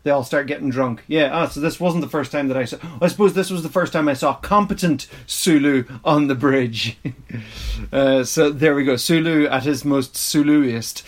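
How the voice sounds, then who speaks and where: Chatty man, slightly high voice. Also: normal speed. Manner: rambling, chatty, mock-exasperated, laughs often. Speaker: podcast host reviewing an episode. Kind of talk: casual recap commentary.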